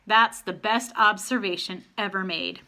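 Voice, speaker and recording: A woman voicing a brisk, grumpy, practical grandmother in a storybook reading. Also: medium pitch, fairly even intonation, sharp tone. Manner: brisk, commanding, dry.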